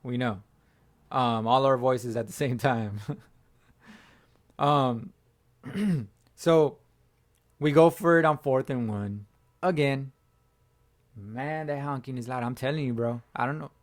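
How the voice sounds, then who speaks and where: A man hosting his own fan channel, hoarse from screaming, giving a slangy sports reaction chat as if talking to a buddy. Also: medium pitch, slow, long pauses. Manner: slangy, talks like chatting with a buddy. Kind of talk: casual sports reaction talk.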